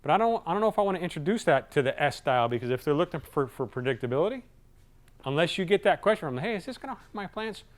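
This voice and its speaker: Man, sales trainer, somewhat high voice, casual seminar talk, animated delivery. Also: racing. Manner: lively, acts out customer voices.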